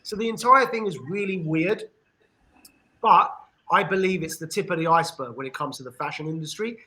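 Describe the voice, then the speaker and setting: A man with an English accent giving an earnest discussion monologue on a podcast, with frequent pauses and restarts. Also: a little high, sharp tone, rough recording. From England. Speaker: podcast panelist.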